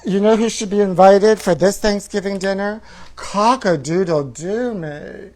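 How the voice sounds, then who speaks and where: A man's voice: high voice, unhurried, darkish tone. A man hosting a comedy show, reading tabloid headlines aloud in a campy, sassy, gossipy way and calling the listener honey.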